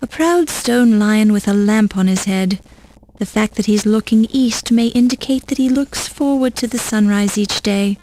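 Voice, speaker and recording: A woman's voice: mid-range voice, normal speed, warm tone, close to an everyday voice, poor audio. A woman narrating an adventure game with dry, wry scripted remarks.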